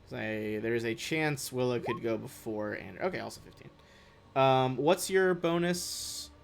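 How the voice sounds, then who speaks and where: A young man running a tabletop game as game master, chatty and relaxed, swearing casually. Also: mid-range voice, unhurried, creaky, noisy background.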